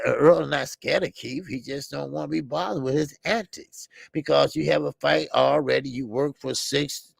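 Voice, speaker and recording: A man's voice: fairly high pitch, vocal fry, a bit bright, dry recording. A man hosting a boxing call-in show, talking casually and animatedly, rambling with many restarts.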